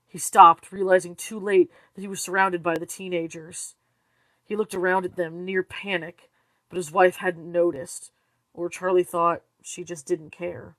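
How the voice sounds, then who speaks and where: A woman's voice: on the low side, fairly even intonation, measured pace, fairly bright tone, no room sound. Tired woman reading a novel aloud. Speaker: audiobook reader. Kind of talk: read-along narration of a novel.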